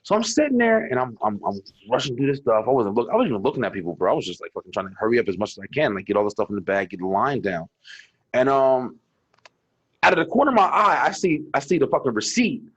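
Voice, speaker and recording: A man's voice: mid-range voice, very animated, fast talker, husky, muffled recording. A young adult man co-hosting a casual chat, telling loose, profane stories and acting out what people said. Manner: loose, profane storytelling with acted-out quotes. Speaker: co-host.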